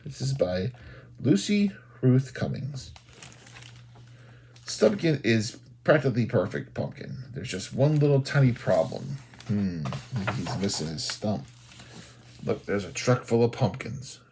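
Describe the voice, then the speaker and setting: A man, a children's librarian, doing an animated storytime read-aloud and talking to young children. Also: fairly low pitch, measured pace, slight background noise. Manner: animated, sing-song, talks to young children.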